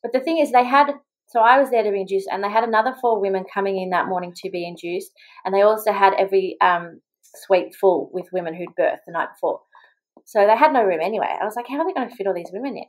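A young Australian woman, a mother, talks as a guest on a podcast in a medium-pitched voice, captured on a low-quality recording. Her casual interview storytelling is quick and chatty, filled with "like" and quoted voices she acts out.

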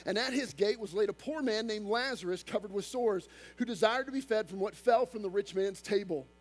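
A male pastor preaching a sermon, talking fast and emphatic, with casual asides to the congregation. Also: high voice.

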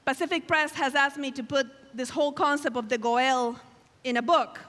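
A woman's voice: sits high, steady tone, normal speed, a bit bright, in a large hall. A woman preaching a sermon at a camp meeting, emphatic and exclamatory, acting out quoted lines with dramatic flair. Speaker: guest preacher. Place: large hall at a camp meeting.

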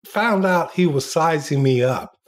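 An older man, a former TV journalist, telling lively anecdotes in an interview and acting out the quotes. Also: fairly high pitch, a little slow. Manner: lively anecdotes, acts out quotes, laughs often. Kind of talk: storytelling in a podcast interview.

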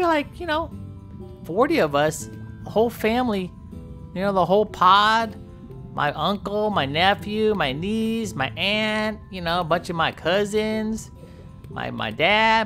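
A woman's voice: mid-range voice, a bit bright. A woman voicing a chatty young bottlenose dolphin who tells a rambling tale in character over game footage, stammering and repeating herself. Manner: rambling, stammering storyteller full of fillers and repeats.

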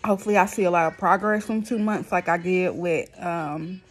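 A woman's voice: on the low side, fairly quick, faint music behind. A woman vlogging casually, frustrated and blunt, her speech thick and lisping from a new palatal expander. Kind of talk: casual venting to camera.

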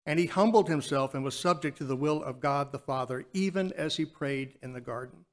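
A man giving an earnest Lord's Supper reflection in church, slowing down to stress key phrases. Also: fairly high pitch. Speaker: church speaker. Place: church sanctuary.

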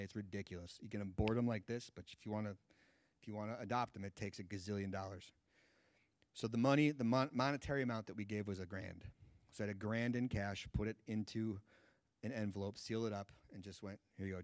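A man's voice: lowish voice, steady tone, quick pace, no echo. A man in his thirties, a guest Bible teacher, telling a personal story in a sermon and acting out the dialogue. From United States.

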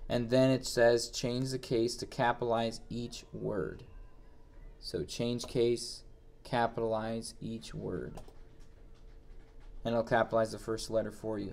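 Guy doing a screen-recorded software tutorial, reads a step then talks thru where to click, plain mid voice. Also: mid-range voice. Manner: plain, reads each step then walks through it, thinks aloud. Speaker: instructor.

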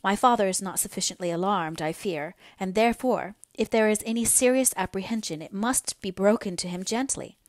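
A woman's voice: medium pitch, brisk, few pauses, dry recording, close to an everyday voice. A woman voicing an earnest, anxious young daughter in an audiobook reading, her lines pleading and near tears. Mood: earnest, insistent. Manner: pleading, then breaking into tears.

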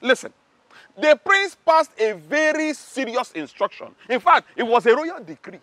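A Nigerian actor playing an arrogant, mocking palace security chief who shouts insults. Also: male voice, big pitch swings, moderate pace, dry recording, full character voice. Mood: scornful. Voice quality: high, bright, shouting and mocking. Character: arrogant loud-mouthed male palace guard. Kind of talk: Nollywood drama acting.

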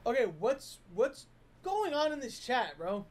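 A man's voice: very high-pitched, big pitch swings, a little slow, a little hiss or hum. A man hosting a casual reaction stream, bantering and reacting in disbelief to his co-host.

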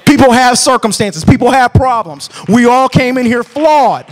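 A man teaching a church marriage class, preaching in an animated, colloquial way that bursts into shouts. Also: very high voice, moderate pace, a faint crowd.

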